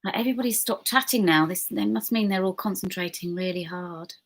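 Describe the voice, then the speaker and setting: A quiz host with a medium-pitched voice runs an online pub quiz. She reads the questions slowly, chatting and giggling with viewers in between.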